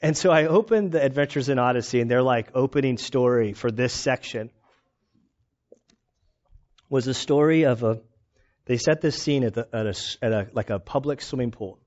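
A male pastor preaching in a casual, storytelling way, animated and self-mocking, often laughing. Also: mid-range voice, moderate pace. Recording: dull lo-fi recording.

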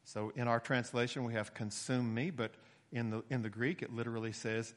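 Speaking briskly at medium pitch, this man preaches an expository sermon. He explains in a steady teaching manner with occasional emphatic rises, and the recording carries a long hall reverb.

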